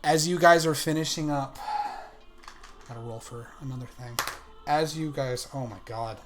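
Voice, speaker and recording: A man running a tabletop game as game master, casual and profane, slowing down for dramatic beats. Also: mid-range voice, over music. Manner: casual, swearing, slows for drama.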